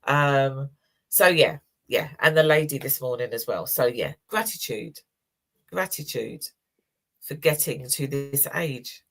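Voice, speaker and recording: A woman's voice: rumbling low, measured pace. A woman in her sixties co-hosting a community chat show, telling personal stories in an emotional, chatty way. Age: 60s. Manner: warm, emotional storytelling with laughs. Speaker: co-host. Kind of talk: casual chat.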